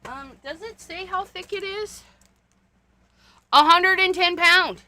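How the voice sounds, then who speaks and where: A woman's voice: very high-pitched, animated, unhurried, pushed and bright, a little hiss or hum. A woman hosting a casual card-making livestream, chatting to viewers while she rummages through paper and supplies, with frequent gasps and little laughs.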